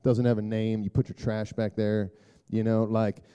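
A middle-aged man giving a rambling, conversational sermon talk to a church group, full of filler words and throat clearing. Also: flat delivery, normal speed. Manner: turns hushed and low for prayer. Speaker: speaker addressing a church group.

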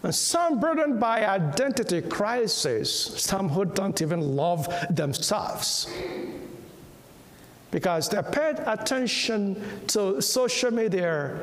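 Male preacher, high and very expressive voice, slow deliberate delivery, long hall reverb. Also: a little hiss or hum. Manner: slow, emphatic, repeats key words; softens to a hush when quoting. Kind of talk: sermon.

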